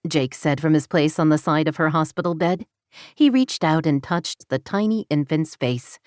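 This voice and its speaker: A woman narrating an audiobook romance in a steady, even storytelling manner. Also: low-pitched, moderate pace, clear, resonant tone, no echo, clean studio sound. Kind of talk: scripted narration.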